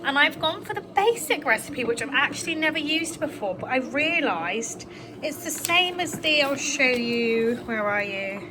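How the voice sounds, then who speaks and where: A woman's voice: high voice, animated, moderate pace, background noise. A woman with a British English accent talking casually and cheerfully in a home cookery vlog, laughing often. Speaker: vlogger, homemaker. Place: home kitchen.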